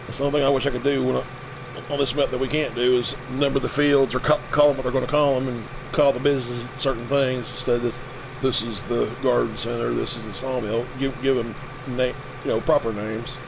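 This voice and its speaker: Gravelly rambling middle-aged man. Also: medium pitch, level tone, background noise. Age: 50s. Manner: rambling, halting, with restarts. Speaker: let's play streamer. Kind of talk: casual gameplay commentary.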